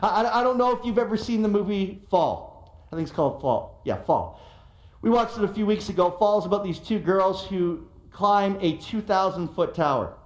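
High-voiced pastor preaching in an echoey room. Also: male voice, normal speed. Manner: animated, emphatic storytelling. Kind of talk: sermon.

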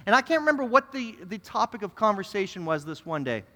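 A young man, a pastor telling a story in his sermon, earnest and animated, often repeating words as he goes. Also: high voice, quick pace. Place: church sanctuary. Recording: reverberant church hall.

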